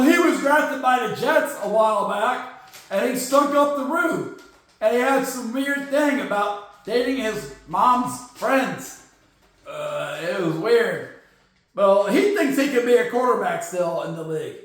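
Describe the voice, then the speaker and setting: Man, football podcast host, sarcastic rant, very high voice, echoey room. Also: a bit bright. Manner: sarcastic, jokey, slips into mocking voices. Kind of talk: casual football news rant.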